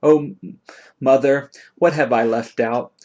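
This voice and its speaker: A man's voice: mid-range voice, steady tone, measured pace, a little mellow. A man giving a dramatic reading of a long poem in an incantatory, chanting rhythm. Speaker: poetry reader.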